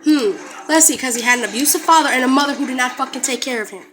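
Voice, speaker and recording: A woman's voice: high voice, fast talker, a bit bright. A young woman angrily confronting her in-laws, cursing and sarcastically quoting them. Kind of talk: angry confrontational rant to family.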